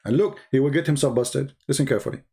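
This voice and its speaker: A man's voice: medium pitch, very fast, dark tone. A man with giving mocking, sarcastic commentary on video clips. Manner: sarcastic, repeats words for effect, non-native phrasing.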